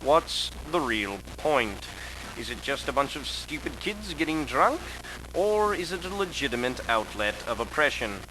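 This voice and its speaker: A man's voice: mid-range voice, big pitch swings, unhurried, background noise. A man narrating a mock-serious documentary in a dry, pompous academic tone.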